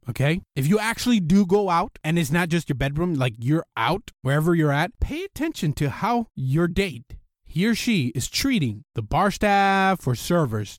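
A man hosting a podcast, giving blunt, animated dating advice in a casual monologue and swearing freely. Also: on the high side, no room sound, studio quality. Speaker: podcast host.

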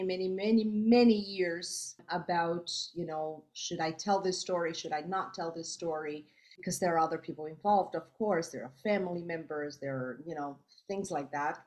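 A woman's voice: lowish voice, a little mellow. A woman from Brazil, a theater creator, talking casually in an interview and searching for her words as she reflects. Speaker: guest, theater creator and performer.

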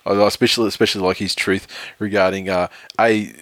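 A man's voice: low-pitched, flat delivery, fast, no echo. A man co-hosting a casual sports podcast, reading tweets aloud, laughing often and swearing casually. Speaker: podcast co-host.

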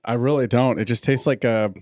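A man's voice: mid-range voice, steady tone, brisk, darkish tone, no echo, studio quality. A man hosting a casual chat while tasting bourbon, rambling and self-deprecating, often laughing. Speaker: podcast host.

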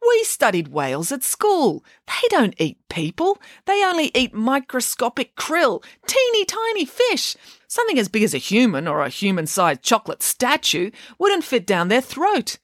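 A woman's voice: fairly high pitch, huge pitch swings, normal speed, no echo, studio quality, pitched above the performer's own voice. A woman voicing an earnest, know-it-all schoolboy in a read-aloud storybook, explaining things matter-of-factly. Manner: matter-of-fact.

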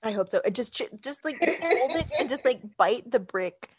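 A woman's voice: fairly high pitch, lively intonation, normal speed, breathy edge, dry recording, studio quality. A woman cohosting a casual podcast, teasing and laughing, swearing freely. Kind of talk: casual chat.

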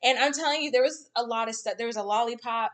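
Young woman, high voice, casual storyteller who laughs often and acts out her quotes. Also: fast talker.

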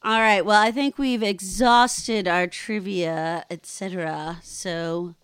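Smooth-voiced woman quizzing her friends. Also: mid-range voice, fairly even intonation, takes it slowly, a bit bright, no echo, clean studio sound. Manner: chatty, laughs between remarks. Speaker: podcast co-host running trivia. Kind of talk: casual chat.

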